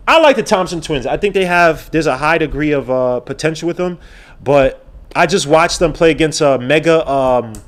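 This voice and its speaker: A man riffs on a live sports stream as its host, excited and rambling. His voice sits fairly high for a man, and he keeps looping back over his own words. He jumps from fantasy football gripes to draft talk. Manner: animated, rambling, exclaiming, repeats words. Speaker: podcast host.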